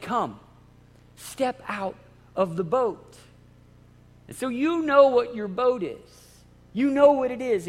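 A man with a very high voice delivers a sermon in an emphatic, dramatic manner and often repeats his words. His voice rings out with a long reverb, as in a large sanctuary. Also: a bit bright. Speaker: preacher.

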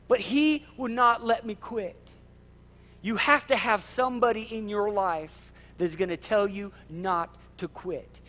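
Fired-up male pastor, high voice. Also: animated, moderate pace. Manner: fired up, yelling, passionate. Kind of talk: sermon. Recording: long hall reverb.

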